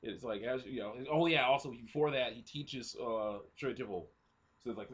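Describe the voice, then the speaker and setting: A man casually retelling a movie plot, rambling with lots of fillers and frequent throat clearing. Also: mid-range voice, normal speed. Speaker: ministry video host.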